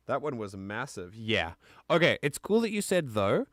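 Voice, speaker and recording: A man with a South African accent giving casual, excitable commentary while streaming a video game. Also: mid-range voice, moderate pace, no room sound. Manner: excitable, chatty, laughs often.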